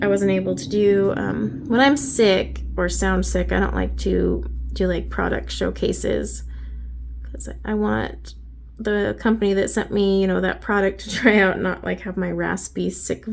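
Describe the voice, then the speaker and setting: A woman in her thirties chats casually as she paints, rambling along with plenty of ums and likes. Her voice has a gravelly, fry-tinged edge. She is just getting over bronchitis. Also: medium pitch. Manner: chatty, rambling, many fillers. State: recovering from bronchitis. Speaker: craft YouTuber. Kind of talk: casual chat while painting.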